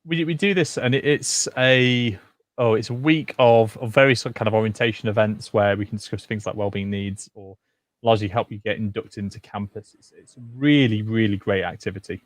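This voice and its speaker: A man's voice: lowish voice, steady tone, brisk, dry recording. A man with a Yorkshire accent hosting a university gaming stream in a casual, chatty way, hesitating often with fillers. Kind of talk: casual livestream chat.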